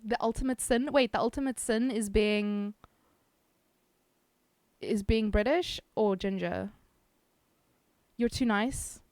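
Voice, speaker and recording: A woman's voice: mid-range voice, takes it slowly, long pauses, a little mellow, no echo. A South African woman streamer chatting casually with her viewers, giggly and self-teasing. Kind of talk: casual chat reading viewer messages.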